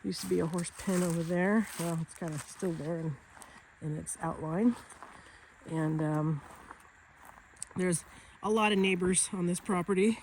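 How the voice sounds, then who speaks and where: A woman's voice: lowish voice, fairly even intonation, unhurried, long pauses, a little mellow, rough recording. Bubbly woman vlogging on a walk outdoors. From Northern California. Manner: bubbly, laughs often, many fillers. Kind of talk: walking nature vlog. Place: outdoors, rural property. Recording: faint outdoor background noise.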